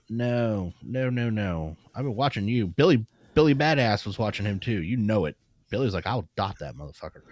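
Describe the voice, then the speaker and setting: A man co-hosting a podcast, reviewing a movie in casual chat, animated and laughing often, with casual swearing. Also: medium pitch, no room sound, studio quality. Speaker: podcast co-host.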